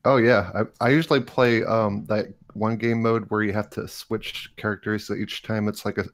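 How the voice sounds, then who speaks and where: A man chatting eagerly about games, stumbling over words, his voice going hoarse. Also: fairly low pitch, fairly even intonation, moderate pace, no echo. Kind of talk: casual gaming chat.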